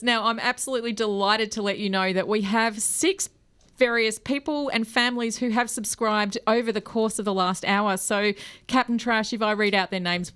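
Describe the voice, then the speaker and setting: A woman's voice: mid-range voice, a bit bright, clean tone. Australian woman hosting community radio. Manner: friendly, laughs easily, many fillers. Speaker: radio host.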